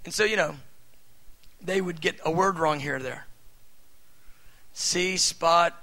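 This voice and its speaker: A middle-aged man preaching a sermon in a conversational way, full of fillers, swinging between loud emphatic bursts and soft asides. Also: fairly high pitch, normal speed, poor audio. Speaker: pastor.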